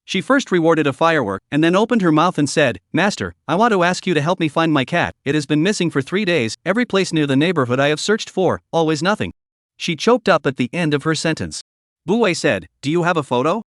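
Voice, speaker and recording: A man narrating a manhwa recap story in a flat, stilted reading of a rough translation. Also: a little high, no echo, studio quality.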